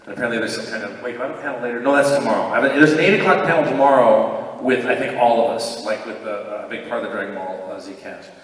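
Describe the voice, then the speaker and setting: A voice actor at a convention Q&A panel talks casually and rambles, laughing often. He's a fast talker with a mid-range voice and few pauses, recorded by an audience camera far from the stage in an echoey hall.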